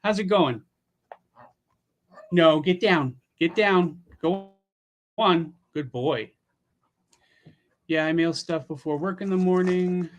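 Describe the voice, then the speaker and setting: Chatty, swearing livestream host, higher voice. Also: male voice, slow, long pauses. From Pennsylvania, USA. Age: around 50. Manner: chatty, laid-back, swears casually. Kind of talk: casual livestream chat.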